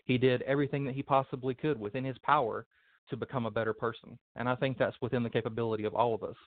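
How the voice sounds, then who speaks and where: A man's voice: mid-range voice, fairly even intonation, fast, no room sound. A man answering interview questions earnestly, often repeating words as he builds his points. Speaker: interview guest, Hellenic practitioner. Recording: tinny phone-like line.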